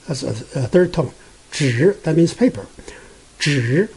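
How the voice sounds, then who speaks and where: A man whose first language is Mandarin Chinese, teaching Mandarin pronunciation patiently, repeating each sound many times with frequent pauses. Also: fairly high pitch, sing-song, darkish tone, slightly rough, rough recording. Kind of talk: pronunciation lesson.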